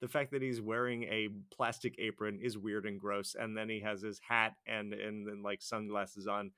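A man's voice: fairly low pitch, level tone, normal speed, pushed and bright, smooth. A man with an ordinary mid-range voice talks through a movie plot with wry, dry remarks, leaning on a lot of "like". The recording is close and dry, with no room echo. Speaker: podcast co-host. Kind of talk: casual movie recap chat.

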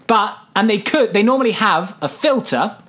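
A man's voice: high voice, animated, moderate pace, fairly bright tone. A man casually recapping a film on a podcast, playful and rambling, often breaking into silly character voices. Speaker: podcast co-host.

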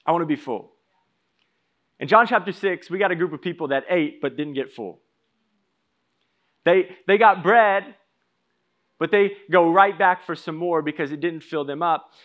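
A man's voice: sits high, moderate pace. A young man preaching a humorous sermon as pastor, telling stories and acting out bits of dialogue. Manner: lively storyteller acting out dialogue.

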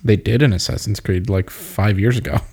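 A man's voice: fairly low pitch, normal speed, warm tone, breathy edge. A man in casual chat, an opinionated movie fan who talks at length and hiccups a little.

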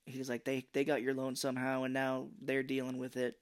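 A man's voice: mid-range voice, fairly quick. A man co-hosting a podcast, casually retelling a movie plot, acting out the characters' lines and swearing freely. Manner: animated, acts out quotes, swears freely. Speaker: podcast co-host.

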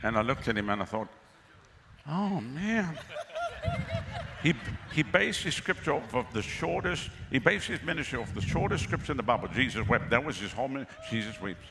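A man's voice: mid-range voice, very animated, fast talker, gravelly, hardly any pauses. A man preaching a sermon as pastor. He is exclamatory and keeps calling out to the crowd for responses, in a venue with a crowd. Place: outdoor pavilion with a crowd. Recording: long reverb with faint ambient noise.

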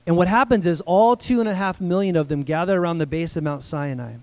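High-voiced energetic male preacher. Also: fast. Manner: energetic, conversational preaching with rising shouts. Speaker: pastor. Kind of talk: sermon.

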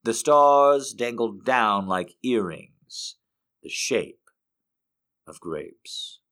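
Brief A male host reading poetry on air, with a mid-pitched voice that is neither deep nor high. His delivery is expressive: some phrases rise brightly and others sink low and quiet. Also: very slow. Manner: expressive reader, swings between lifted and hushed phrases.

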